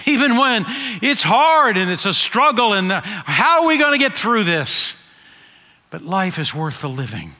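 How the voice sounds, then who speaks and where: A man preaching a sermon in an earnest voice that swings from emphatic peaks to quiet low asides. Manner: earnest, rising to emphatic then dropping soft. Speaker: pastor. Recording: long hall reverb.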